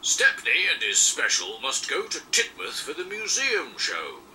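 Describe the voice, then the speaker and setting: A man's voice: medium pitch, huge pitch swings, a little slow, pushed and bright, far from the mic, slight background noise, exaggerated voice, low-quality recording. Man voicing a firm, formal railway boss. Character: stern but fair male railway boss. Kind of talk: children's storybook reading.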